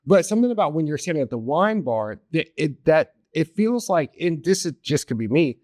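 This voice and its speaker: A man in a casual podcast interview, telling a personal story in an earnest, emotional, halting way. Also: on the high side, very animated, a little mellow, dry recording, studio quality. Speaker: podcast guest, hospitality executive. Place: podcast studio.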